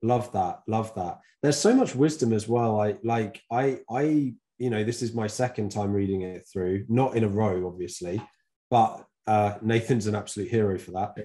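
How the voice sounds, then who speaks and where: A British man co-hosting a casual podcast, with a lowish voice. His tone is dark and mellow. He talks in a relaxed, reflective way, pausing often on fillers. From Britain. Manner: reflective, easygoing, with frequent fillers. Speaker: podcast co-host. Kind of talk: casual podcast chat about Bible reading.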